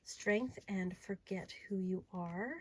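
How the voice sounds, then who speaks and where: Woman doing a casual tarot deck show-and-tell, chatty and excited, goes quiet and murmury at times, little bit of hiss behind. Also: mid-range voice, takes it slowly, rough recording. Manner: chatty and enthusiastic, drifting to soft murmurs while handling cards. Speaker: tarot reader and deck reviewer.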